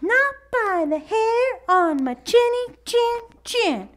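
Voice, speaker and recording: A woman voicing a small frightened little pig in a children's storybook, speaking in a high squeal. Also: big pitch swings, takes it slowly, fairly bright tone, full character voice. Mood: defiant.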